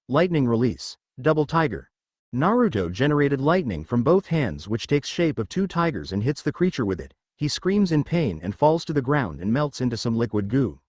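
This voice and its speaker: A man narrating a fan fiction story, reading steadily through the action. His pitch is lively and the sound is dry and close, with no room around it. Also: dry recording.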